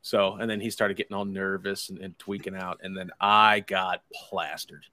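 Low-voiced man telling a rambling story. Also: little pitch movement, normal speed, pushed and bright. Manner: rambling, profane, acts out friends' lines. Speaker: podcast host telling a story. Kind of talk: casual storytelling chat.

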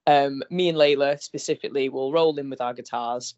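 A woman's voice: extremely low pitch, fairly quick. A woman, a musician telling stories in a casual interview and acting out the voices of the people she quotes. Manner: animated storytelling, acts out quoted voices. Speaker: guest musician. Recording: dull lo-fi recording.

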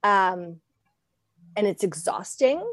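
A woman's voice: medium pitch, expressive, slow, a bit bright, no room sound. A woman podcast host responding to her guest in an affirming, chatty way, with frequent ums. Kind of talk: conversational podcast talk.

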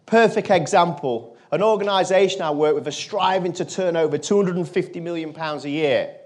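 A man, speaking earnestly to an audience as a motivational speaker and telling a personal story. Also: brisk. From England. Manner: earnest, drops his voice low and quiet for quoted lines.

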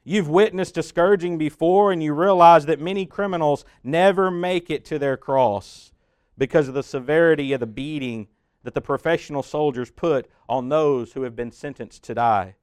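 A man preaching a dramatic sermon that walks the listener through the scene as "you", swelling loud and then dropping to a hush. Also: fairly high pitch, moderate pace, smooth, no room sound, clean studio sound. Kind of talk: dramatic guided sermon narration.

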